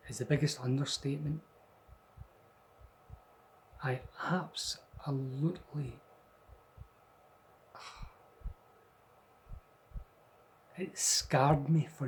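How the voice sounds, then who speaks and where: A man's voice: medium pitch, a little mellow, a little hiss or hum, rough recording. A Scottish man telling a true ghost story in a rambling, conversational way with many restarts. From Scotland. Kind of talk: casual spoken ghost story.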